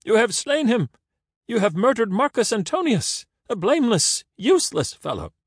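Shrill whining Caesar. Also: male voice, sing-song, normal speed, darkish tone, dry recording, studio quality, heavily acted. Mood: shrill wailing. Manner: shrill, pleading and sobbing. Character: whining, envious, weepy male Caesar, a pathetic dream figure.

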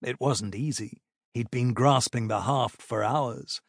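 Guy reading a fantasy audiobook, takes his time, steady and even, no room sound. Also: medium pitch, takes it slowly, gravelly, slightly rough, no room sound, studio quality. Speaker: narrator. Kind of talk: audiobook narration.

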